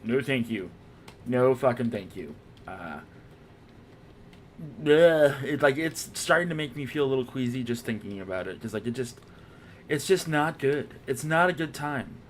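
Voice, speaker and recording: A male game streamer talks off the cuff, rambling and swearing freely and poking fun at himself. His voice sits at an ordinary middle pitch, with faint room ambience behind it. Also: expressive, normal speed, slight background noise. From Irish heritage. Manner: rambling, profane, self-mocking. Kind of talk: casual stream chat.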